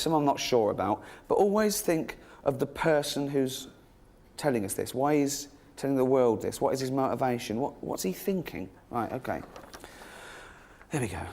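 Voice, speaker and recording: A middle-aged English man performing a stand-up comedy set, sardonic and sweary, jumping into shrill mock voices for the people he mocks. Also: darkish tone. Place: theatre stage before a laughing audience. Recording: live stage recording with audience noise.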